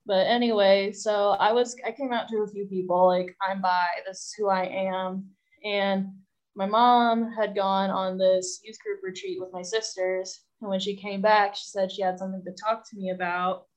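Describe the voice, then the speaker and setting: A woman's voice: mid-range voice, fairly even intonation, moderate pace. Candid young woman, lo-fi sound. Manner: candid, rambling, self-deprecating humor. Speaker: guest. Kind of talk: personal storytelling. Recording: dull lo-fi sound.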